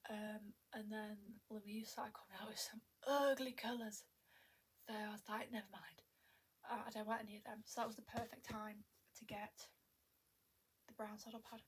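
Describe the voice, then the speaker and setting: A young woman with a slightly high voice vlogs into a tablet camera at home, with a little background noise. She rambles chattily and mocks herself, sounding a bit out of breath and often half-whispering.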